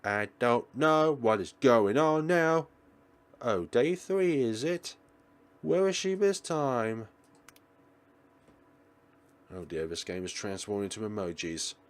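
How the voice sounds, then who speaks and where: A man's voice: medium pitch, slow, long pauses. A man hosting a let's play and commenting on a horror game with exclamatory, dramatic reactions. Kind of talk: gameplay commentary.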